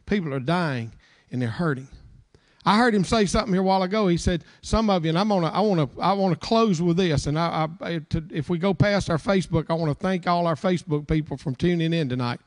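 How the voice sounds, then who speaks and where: High-voiced stammering pastor man. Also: fast talker, hardly any pauses. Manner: rambling and conversational, with frequent stumbles and repeated words. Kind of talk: informal sermon closing remarks. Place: church service.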